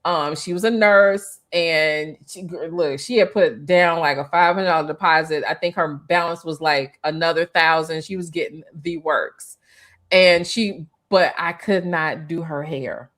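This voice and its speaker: A woman's voice: low voice, unhurried. Middle-aged woman, interview guest, chatty storyteller, many restarts. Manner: animated, restarts often, acts out quoted voices. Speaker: interview guest, former hairstylist.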